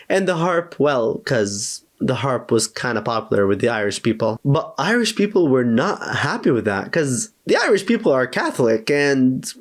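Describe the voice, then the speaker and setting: A man narrating a history explainer in a chatty, playful way, with jokey asides. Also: fairly high pitch. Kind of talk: casual educational narration.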